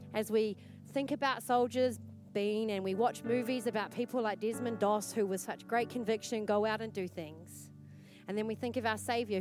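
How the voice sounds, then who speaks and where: A woman pastor with a New Zealand accent preaching a sermon in a church, earnest and exhorting, repeating her points for emphasis. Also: a little high.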